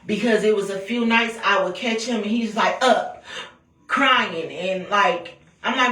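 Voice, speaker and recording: A woman telling a story about her own family, talking bluntly with lots of swearing and animated retelling. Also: mid-range voice, normal speed. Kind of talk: casual storytime rant. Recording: echoey room, voice a bit far from mic.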